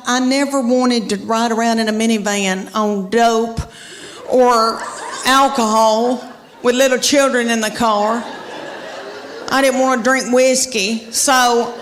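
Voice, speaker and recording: A middle-aged Southern woman tells stand-up comedy stories on a stage mic, her voice a touch high and her drawl folksy and animated. Audience sound carries clearly behind her in the live room. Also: measured pace, big-room sound, a little hiss or hum. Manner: folksy drawl, animated storytelling with mock quotes. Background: audience laughter.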